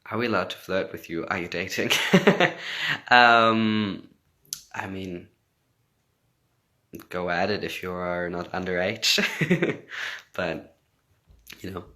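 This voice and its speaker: Native English-speaking man on a phone livestream, low and forceful, answers fan comments casually and moves between English and German. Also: steady tone, unhurried, pauses often. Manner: reads out comments, laughs often, switches between English and German.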